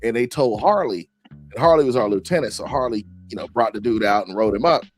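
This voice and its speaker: A middle-aged man hosting a podcast, telling stories in casual chat and acting out the quotes with shouts. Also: medium pitch, fairly quick, soft background music. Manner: animated, acts out quotes with shouts. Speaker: podcast host.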